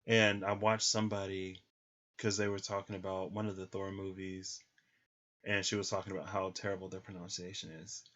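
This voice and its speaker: A man's voice: low voice, little pitch movement, fairly quick, fairly bright tone. A man giving a casual livestream tarot reading, thinking aloud with many ums. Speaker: tarot reader. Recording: slightly muffled lo-fi audio.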